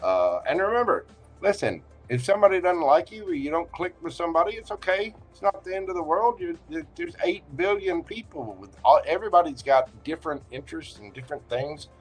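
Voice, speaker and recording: A man's voice: a little high, lively intonation, fairly quick, breathy edge, soft background music. A man with a Southern accent hosting a livestream tarot reading, talking in a folksy, joking and reassuring way. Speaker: tarot reader and livestream host.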